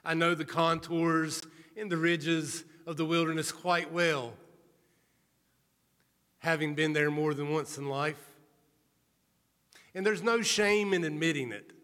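High-voiced man preaching in a ringing hall. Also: steady tone, pushed and bright. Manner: earnest, measured storytelling. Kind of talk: sermon. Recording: reverberant hall.

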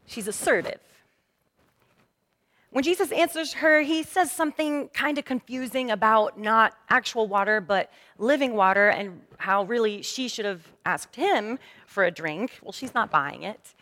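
Female pastor, fairly high voice, chatty storytelling sermon, long church reverb. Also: unhurried. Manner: lively, conversational storytelling. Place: church sanctuary.

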